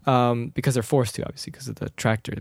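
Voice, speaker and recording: Man, excitable film chat, dry close sound, quick voices and sound effects. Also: mid-range voice, gravelly, no echo. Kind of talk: casual movie discussion.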